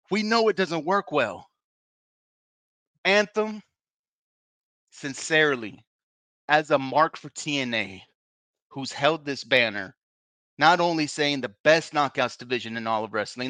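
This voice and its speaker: A man hosts a podcast and vents in a heated, profane, frustrated rant. His voice is tense and forceful and sits a little high. The sound is close and dry. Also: no room sound. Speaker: podcast host. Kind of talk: emotional wrestling rant.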